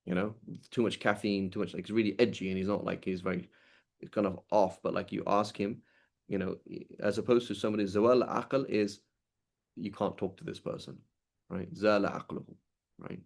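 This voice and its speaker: A man with a lowish, gravelly voice and a steady tone reads quickly from a classical legal text. He then explains each passage in a conversational way, restarting many times.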